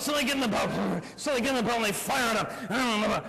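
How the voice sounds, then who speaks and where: Male keynote speaker, animated comic storyteller, high voice, big hall echo. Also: brisk, few pauses. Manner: animated, shouty, acts out voices. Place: large hall. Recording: echoey lecture hall.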